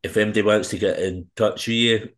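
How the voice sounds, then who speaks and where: A low-pitched man hosts a casual podcast interview. His questions ramble, with plenty of "kinda" and "um". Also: steady tone, quick pace, fairly bright tone. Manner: loose, filler-heavy questions. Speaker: podcast host.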